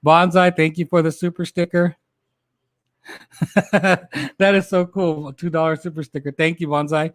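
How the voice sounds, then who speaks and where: A man's voice: fairly high pitch, flat delivery, unhurried, long pauses, no echo, clean studio sound. A man in his forties hosting a casual livestream, chatting with viewers, laughing often and stumbling over his words. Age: 40s. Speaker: host.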